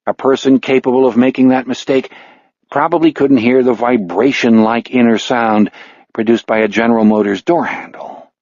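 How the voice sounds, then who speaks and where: A man narrating an audiobook in an even, steady storytelling manner, with a husky voice. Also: medium pitch, normal speed, no room sound, lo-fi sound. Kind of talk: scripted narration.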